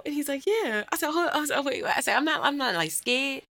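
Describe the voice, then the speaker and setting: Young woman, Philadelphia accent, casual storytelling, bright tone, lively pitch. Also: brisk. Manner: animated storytelling, acts out voices and laughs often. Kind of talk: casual chat.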